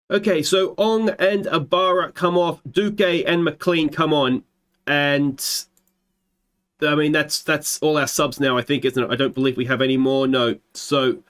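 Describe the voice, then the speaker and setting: An Australian man hosting a football management let's play, calling his match like a commentator and swinging into excited shouts at big moments. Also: mid-range voice. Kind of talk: gameplay commentary.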